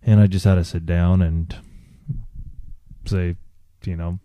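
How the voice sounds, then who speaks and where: A man co-hosting a podcast, telling a candid personal story in a halting way, with many restarts and fillers. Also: low voice, little pitch movement, dry recording, muffled recording. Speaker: podcast co-host.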